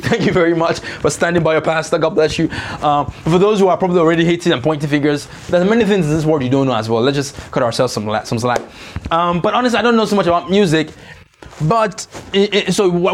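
Joking, confessional man preaching. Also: fairly high pitch. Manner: jokey, confessional, with slow drawn-out emphasis. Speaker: pastor. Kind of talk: sermon. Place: church service, streamed online.

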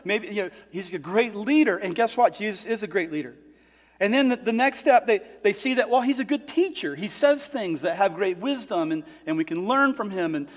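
A man delivering a sermon as pastor, moving between quiet reflective passages and loud, emphatic preaching. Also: high voice, animated, brisk. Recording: dull sound with long hall reverb.

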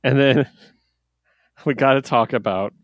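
Male podcast co-host, mid pitch, casual and excitable, dry close-mic sound. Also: slow, no echo. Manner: excited, laughs often, acts out quotes. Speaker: podcast co-host reviewing comics. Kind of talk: casual chat.

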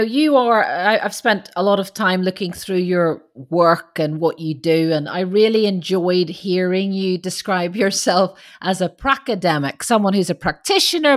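A woman hosting a parenting and education podcast, reading a scripted introduction and then interviewing her guest in an articulate, measured, earnest way. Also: mid-range voice. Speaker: podcast host.

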